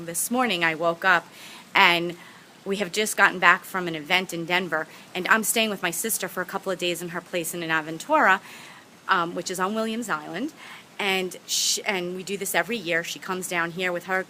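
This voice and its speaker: Bright, earnest woman telling a story. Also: on the low side, slight background noise, poor audio. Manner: earnest, heartfelt, encouraging. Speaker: motivational speaker. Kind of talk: personal storytelling to camera.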